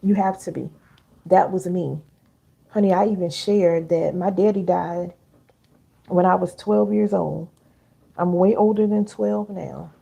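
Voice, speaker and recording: A middle-aged woman hosting a casual live stream, chatty and warm with viewers, reading their comments aloud. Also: on the low side, fairly even intonation, measured pace, vocal fry, long pauses, breathy edge. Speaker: live-stream host and healing coach.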